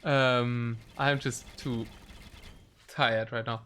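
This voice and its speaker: A man casting a live esports match, excitable and rambling with plenty of fillers. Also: mid-range voice, drawn-out words, a little hiss or hum. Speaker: game caster.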